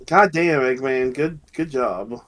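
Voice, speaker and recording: A man's voice: medium pitch, takes it slowly, fairly bright tone. A man co-hosting a casual review chat, joking and teasing, laughing a lot. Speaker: podcast co-host.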